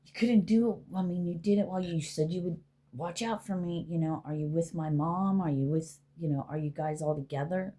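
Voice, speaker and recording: A woman's voice: on the low side, fairly even intonation, a little fast, dark tone. A middle-aged woman, a spiritual healer, rambling casually and with profanity as she talks to spirits aloud.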